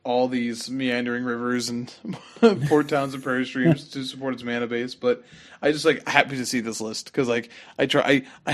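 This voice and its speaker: Slightly hoarse man rambling about cards. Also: medium pitch. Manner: rambling, lots of fillers. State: losing his voice slightly. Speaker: podcast co-host. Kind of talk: casual gaming chat.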